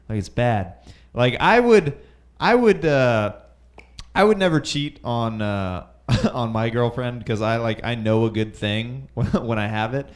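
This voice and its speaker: A man's voice: medium pitch, animated, a little slow. A young man doing nervous, rambling stand-up at an open mic in a comedy club, full of fillers and chuckles at his own jokes. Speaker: stand-up comic.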